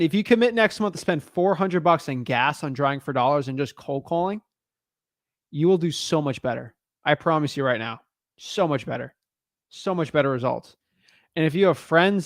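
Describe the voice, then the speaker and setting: A man's voice: on the high side, brisk, no echo, clean studio sound. Blunt, casual male real estate coach. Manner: blunt and casual, peppered with man and dude. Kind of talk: casual advice on a call.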